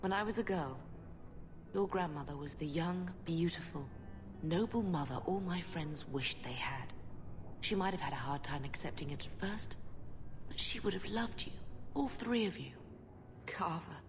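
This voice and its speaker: A woman's voice: on the low side, expressive, moderate pace, background noise. Grieving middle-aged mother. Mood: sorrowful. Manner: soft, sorrowful and earnest. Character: grieving noble mother of grown children, gentle and earnest. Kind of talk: video game dialogue. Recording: long reverb on game voice. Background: game music.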